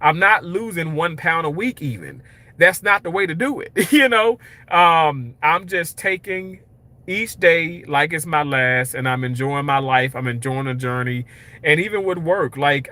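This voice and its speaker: A man's voice: medium pitch, bright, forceful tone. A man chatting candidly and at length with his viewers during a casual livestream, rambling and upbeat. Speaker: livestreaming vlogger. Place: outdoors at night, walking.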